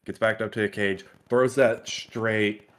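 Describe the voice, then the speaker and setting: A man's voice: fairly low pitch, steady tone, unhurried. A man co-hosting a casual MMA podcast, recounting fights animatedly and swearing. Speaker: podcast co-host.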